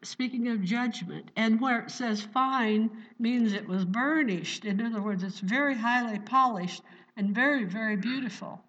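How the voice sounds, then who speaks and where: A woman's voice: fairly high pitch, unhurried, a bit bright, distant mic. A woman pastor teaching a Bible sermon, fervently exclaiming praise and putting rhetorical questions to her listeners. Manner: fervent, exclaims "Praise the Lord" and "Hallelujah" often. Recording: dull lo-fi recording.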